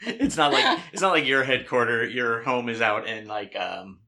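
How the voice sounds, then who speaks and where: A man's voice: medium pitch, animated, moderate pace, pushed and bright. A man from Pennsylvania co-hosting a casual podcast chat at home, joking, teasing and laughing often. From Pennsylvania, USA. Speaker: podcast co-host. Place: home dining room. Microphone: two hosts sharing one microphone.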